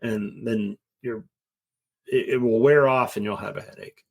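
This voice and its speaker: Unhurried and steady, this middle-aged interview guest has a lowish, somewhat mellow voice with vocal fry. He rambles earnestly through casual conversation, occasionally performing the voices he quotes.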